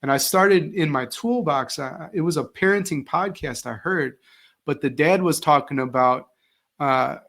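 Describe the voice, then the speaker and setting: A middle-aged man, a former teacher, telling stories as an interview guest and acting out the voices he quotes. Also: fairly high pitch. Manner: animated, acts out quoted voices. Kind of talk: casual interview storytelling.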